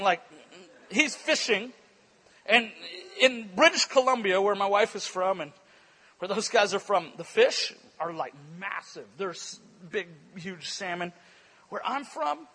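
A man preaching at a church conference, telling funny stories with lively acted-out quotes and frequent laughter. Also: high voice, measured pace, slightly rough. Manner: animated storytelling, acts out quotes, laughs often. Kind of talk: energetic conference sermon with stories.

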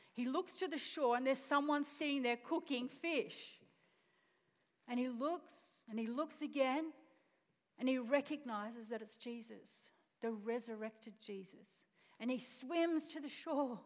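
This is a woman pastor whose voice sits high, preaching at normal speed. She tells a story expressively and puts questions to the congregation, and the church auditorium gives the recording a long, hall-like reverb.

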